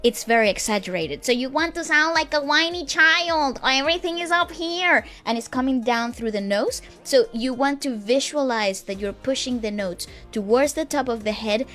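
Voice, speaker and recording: High-voiced woman, gushing music reactor. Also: normal speed, hardly any pauses. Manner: effusive, gushing, then explains technique calmly. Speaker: vocal coach reacting to music. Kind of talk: casual reaction chat.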